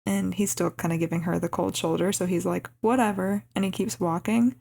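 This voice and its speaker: Gravelly young woman recapping a movie. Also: on the low side, brisk. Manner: narrates the plot in an even recap, with light laughs. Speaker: podcast co-host. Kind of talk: casual chat recapping a movie.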